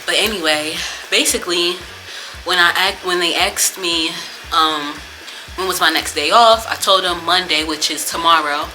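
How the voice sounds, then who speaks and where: A woman's voice: fairly low pitch, moderate pace, music in the background. A young woman vlogger talking casually and venting, with a lot of profanity and frustration.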